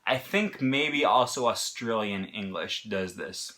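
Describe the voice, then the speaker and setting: A man's voice: lowish voice, lively intonation, takes it slowly, bright, forceful tone. A man with an American accent explaining pronunciation in a casual lesson, talking in short bursts with fillers and restarts. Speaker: language teacher.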